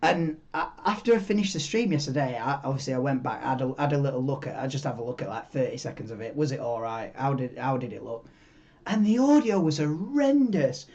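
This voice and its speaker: Excitable man on a dull tinny mic. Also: medium pitch, brisk. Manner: excitable, rambling, swears freely. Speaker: live-stream host. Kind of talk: casual live watchalong chat.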